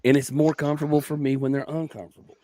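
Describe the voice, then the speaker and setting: A middle-aged man with a Southern accent, a comedian chatting on his podcast and telling stories with lively acted-out quotes. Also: a little high, rapid-fire. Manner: animated storyteller who acts out quoted people. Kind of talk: casual chat, storytelling.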